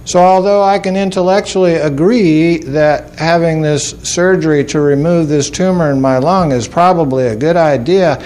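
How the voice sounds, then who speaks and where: A man's voice: on the high side, normal speed, hardly any pauses, a little mellow. Folksy storytelling man, wry and self-mocking. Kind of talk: storytelling talk to an audience.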